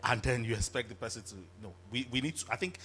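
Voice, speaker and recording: A man's voice: mid-range voice, quick pace, bright, forceful tone, a little hiss or hum. A man speaking from the audience, hesitant and full of fillers. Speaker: audience member. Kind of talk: spontaneous remarks. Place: event hall.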